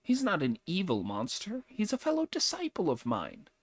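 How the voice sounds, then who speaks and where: Cocky bragging monkey guy, a man putting him on, bouncy and high, dry close sound. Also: huge pitch swings, moderate pace, breathy edge, dry recording, exaggerated voice. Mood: reassuring. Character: boastful cocky male monkey disciple.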